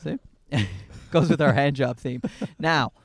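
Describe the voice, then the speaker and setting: A man's voice: medium pitch, takes it slowly, no echo. A man in his thirties hosting a podcast in casual chat from a parked car, rambling, joking and losing his train of thought. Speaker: podcast host. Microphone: handheld mic into a portable recorder.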